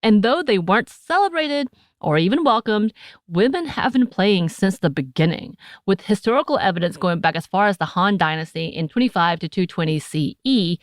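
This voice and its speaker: Lively woman podcast host. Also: medium pitch, normal speed, dry recording, clean studio sound. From United States. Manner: animated, laughing, playful asides. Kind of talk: casual podcast chat.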